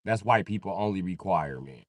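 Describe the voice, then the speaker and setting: A man's voice: low-pitched, a little fast, dry recording. A young man riffing crudely on a live comedy stream, jumping into voices. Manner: crude, animated, jumps into voices.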